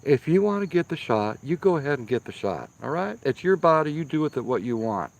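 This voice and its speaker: A man with a slightly high, sing-song voice talks briskly to his live-stream audience from beside an outdoor firepit. Reading viewer comments, he stays casual and emphatic, repeating things for emphasis.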